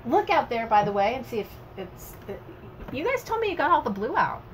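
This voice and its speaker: A woman hosting a casual home vlog, chatting in an animated, talkative way. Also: fairly high pitch, brisk, background noise. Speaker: vlogger host.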